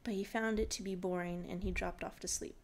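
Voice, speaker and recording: A woman reading a short fairy tale aloud in a relaxed, informal way, laughing off her slips. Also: mid-range voice, brisk, a little hiss or hum. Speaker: storyteller.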